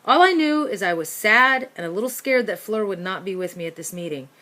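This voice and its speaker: A woman reading a children's chapter book aloud, narrating in the first person with expressive delivery. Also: mid-range voice, brisk. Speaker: storyteller.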